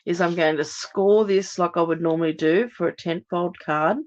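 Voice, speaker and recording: A middle-aged woman hosts a live card-making demonstration. Her voice is a little hoarse as she recovers from losing it, and she explains each step in a chatty way with many ums. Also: lowish voice, steady tone, normal speed, darkish tone, lo-fi sound. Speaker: crafting live-stream host.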